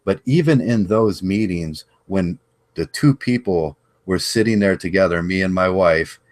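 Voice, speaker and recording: A man hosting a casual interview podcast, speaking haltingly and often repeating words as he searches for what to say. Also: low voice, no room sound, studio quality. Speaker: podcast host.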